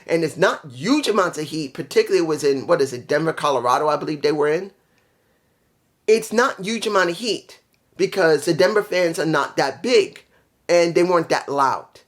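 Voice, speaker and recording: A man's voice: fairly high pitch, lively intonation, normal speed. Male reviewer, casual rant, blunt and profane, loses his train of thought with ums. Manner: rambling, profane, blunt opinions; trails off with fillers when forgetting. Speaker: wrestling show reviewer.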